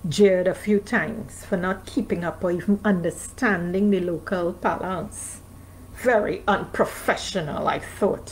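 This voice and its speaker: A woman from North America, streaming live at home, reads passages of her memoir and breaks away now and then to chat with viewers. Her voice sits at medium pitch with a darkish tone. Slight background noise comes through the low-quality recording.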